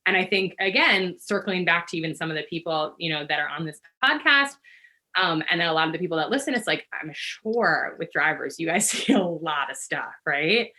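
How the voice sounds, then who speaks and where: A woman guest on a podcast, a yoga teacher, telling stories in an animated, rambling way full of fillers. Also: on the low side, brisk. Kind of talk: casual interview conversation.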